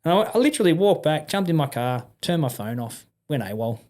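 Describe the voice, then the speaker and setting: An Australian man, a veteran guest, telling stories in a relaxed interview, swearing freely and acting out the people in them. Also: a little high, a little fast. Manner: swearing, animated anecdote-telling with laughs. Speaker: podcast guest, army and police veteran. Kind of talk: casual storytelling interview.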